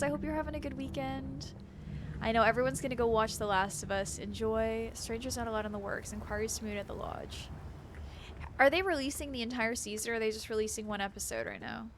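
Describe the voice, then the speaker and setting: A woman's voice: on the high side, fairly even intonation, a little fast, noisy background. A young woman streaming a horror game, chatting with viewers and reading in-game notes aloud. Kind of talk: casual game commentary with read-aloud notes.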